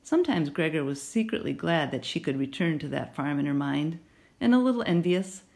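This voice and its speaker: A woman narrating a children's novel in an expressive storytelling manner. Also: deep voice, a little fast, creaky. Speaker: audiobook narrator.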